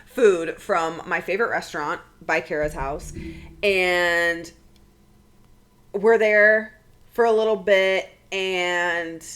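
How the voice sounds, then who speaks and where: A young woman with a fairly low voice tells a personal story on a podcast. She talks casually, swears often and acts out what others said in quick quoted bursts. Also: fairly bright tone. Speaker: podcast co-host.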